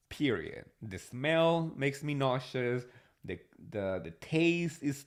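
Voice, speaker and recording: Male host, unhurried and chatty, spilling reality TV tea to his audience. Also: medium pitch, lively intonation. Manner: chatty, gushing, addresses viewers directly. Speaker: podcast host. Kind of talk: casual reality TV gossip recap.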